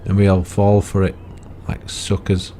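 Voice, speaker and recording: Deep-voiced rambling man. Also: monotone, measured pace, warm tone, a little hiss or hum. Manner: rambling, chatty, full of tag questions. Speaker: gaming video creator. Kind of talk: casual gameplay commentary.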